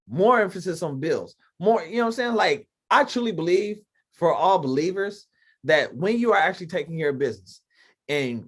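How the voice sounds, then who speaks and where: A man with a fairly high voice hosts a casual podcast chat over a video call. He talks emphatically and loosely, with plenty of fillers and rhetorical questions. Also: slightly rough. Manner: emphatic, conversational, lots of fillers. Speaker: podcast host. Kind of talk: casual faith-based talk on a video call.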